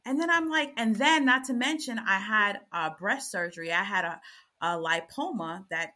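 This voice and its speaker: A woman's voice: medium pitch, expressive, normal speed, sharp tone. A middle-aged woman on a panel, telling her story bluntly and animatedly with plenty of profanity. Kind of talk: candid panel chat.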